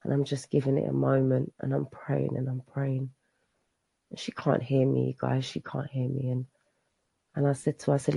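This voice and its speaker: A woman's voice: very deep voice, completely flat delivery, moderate pace, vocal fry, warm tone, breathy edge, no room sound. A woman, a mother, sharing her personal recovery story at a meeting, telling it with emotion, repeating herself and restarting often. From England. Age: adult. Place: meeting room.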